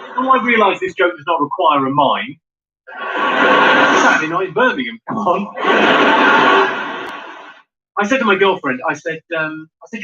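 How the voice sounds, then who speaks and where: A man's voice: sits high, big pitch swings, moderate pace, pauses often. A man doing a stand-up routine, dry and crude, teasing the crowd from a comedy club stage. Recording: muffled live recording with noise.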